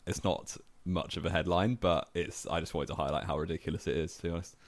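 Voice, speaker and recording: A man's voice: sits low, fairly even intonation, fast talker. A young man co-hosting a casual podcast and running a quiz, with dry, wry remarks. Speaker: podcast co-host and quizmaster. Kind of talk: casual chat.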